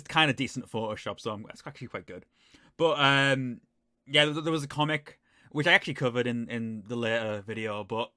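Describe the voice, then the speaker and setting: A man's voice: medium pitch, bright, forceful tone, dry recording, clean studio sound. A man with a Northern English accent, rambling and self-deprecating as he reacts to his old video in casual commentary. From Northern England.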